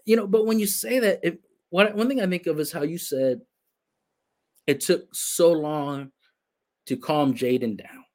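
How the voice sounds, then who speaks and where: Male host, reflective and halting, restarts often, voice a touch higher than most men. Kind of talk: interview conversation, livestream.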